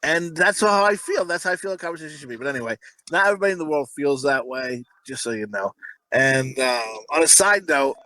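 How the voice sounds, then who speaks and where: A man's voice: on the high side, brisk, pushed and bright, rough recording. A man in his thirties co-hosting a podcast, telling crude stories in a rambling way, full of fillers. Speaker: podcast co-host. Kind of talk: casual podcast banter.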